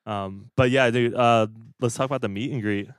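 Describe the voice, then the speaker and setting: A man's voice: mid-range voice, fairly even intonation, normal speed, clean tone, dry recording, clean studio sound. A young man co-hosting a podcast in casual chat, laid-back, swearing a lot and saying "dude" and "like" often. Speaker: podcast co-host, band bassist.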